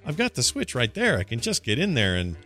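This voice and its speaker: With faint music in the background, a man with a fairly bright mid-range voice talks a little fast, his pitch swinging hugely. He co-hosts a gaming podcast, casually chatting and reading out listener emails, rambling and correcting himself partway through sentences.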